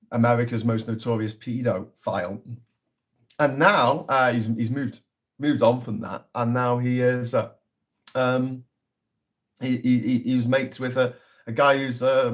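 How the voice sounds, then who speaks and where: Guy ranting on a politics stream, sarky, swears a lot, goes off on tangents. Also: medium pitch. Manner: sarcastic, sweary, rambling. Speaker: political livestream host. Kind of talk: casual political commentary livestream.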